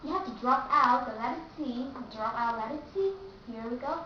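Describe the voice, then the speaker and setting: A woman from Vietnam, speaking English with a Vietnamese accent, teaching a pronunciation lesson slowly and carefully, repeating example words. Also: high voice, expressive, a little hiss or hum. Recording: echoey room, distant mic, dull sound.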